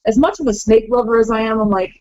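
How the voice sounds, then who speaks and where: A woman on a podcast call, chatting casually, animated, acting out quoted lines and laughing often. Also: on the high side, quick pace, no room sound, lo-fi sound. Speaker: guest wrestler.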